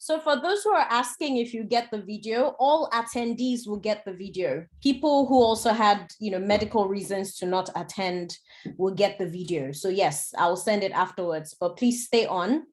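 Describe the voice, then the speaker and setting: A woman hosting an online event over a video call, lively and coaxing. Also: medium pitch, normal speed. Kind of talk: casual video call moderating.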